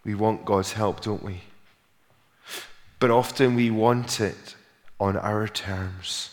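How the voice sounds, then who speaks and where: A man preaching a sermon, telling a story and lifting his voice for emphasis, then going soft and low in prayer. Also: fairly even intonation, takes it slowly, in a large hall.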